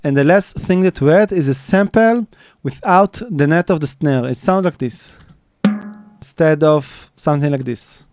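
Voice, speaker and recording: Man explaining a drum mix, halting. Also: on the high side, a little mellow, soft background music. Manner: plain, step-by-step, with halting restarts and fillers. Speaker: mixing engineer. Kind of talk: studio tutorial walkthrough. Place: recording studio. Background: faint drum playback.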